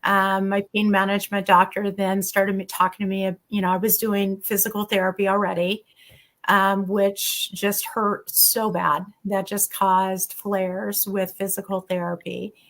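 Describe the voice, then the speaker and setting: A woman's voice: mid-range voice, unhurried. A middle-aged woman, a physician and former patient, candidly telling her own story as a guest in an interview. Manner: candid, animated storytelling with quoted dialogue.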